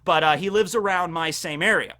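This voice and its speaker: Bright rambling storytelling man. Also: high-pitched, fairly quick. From Western Pennsylvania, USA. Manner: rambling, profane, fills with likes and ums. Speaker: vlogger. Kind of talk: casual storytelling.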